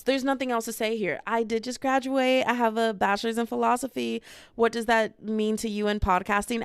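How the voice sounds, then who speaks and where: A young woman in her twenties chats through her solo podcast and jumps from one topic to the next. Her voice is smooth and clean, and it sits close and dry with no room sound. She talks casually into a small camera at home. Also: fairly low pitch, no room sound. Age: 20s. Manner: rambling, chatty, jumps between topics. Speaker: podcast host. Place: at home, indoors. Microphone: small handheld camera.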